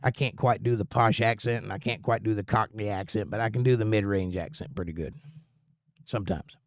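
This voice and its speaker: A man's voice: on the low side, a little fast, dry recording, studio quality. A man hosting a casual livestream, chatting in a rambling, folksy way and reading viewer comments aloud. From United States. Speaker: livestream host.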